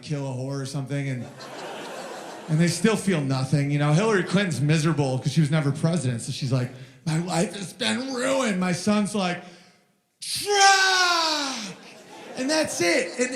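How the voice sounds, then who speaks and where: Guy doing standup, rambly storytelling, slightly high voice, echoey club sound. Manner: rambling storytelling, mimics his toddler in high shouts. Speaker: stand-up comedian. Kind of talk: stand-up comedy set. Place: live venue with audience. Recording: roomy live venue sound.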